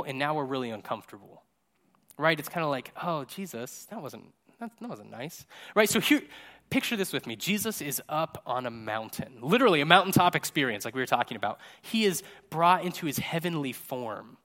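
Chatty joking male pastor, slightly high. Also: fairly bright tone. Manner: chatty and jokey, tags lines with "right?". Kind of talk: casual conversational sermon. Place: church service. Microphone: microphone.

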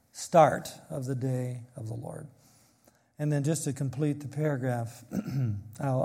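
A man's voice: medium pitch, warm tone. A man preaching an expository sermon, reading scripture aloud and explaining it with emphasis.

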